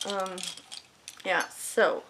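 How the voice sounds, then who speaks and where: Creaky-voiced woman chatting over makeup. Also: medium pitch, steady tone, extremely slow. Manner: candid and emotional, swears freely, rambling. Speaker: makeup vlogger. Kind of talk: casual chat while doing makeup. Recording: faint hiss.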